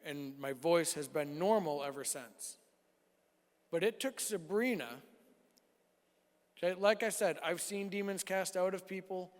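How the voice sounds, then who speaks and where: High-voiced man telling a sermon story. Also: a little slow, long pauses. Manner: animated storytelling, acts out dialogue. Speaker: youth speaker. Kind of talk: sermon testimony. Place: church hall. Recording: long reverb of a church hall.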